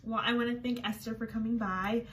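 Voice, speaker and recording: A woman hosting a casual chat, talking in quick back-and-forth and acting out her own replies. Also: fairly high pitch, steady tone, a bit bright, recorded from a distance, a little hiss or hum. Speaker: host.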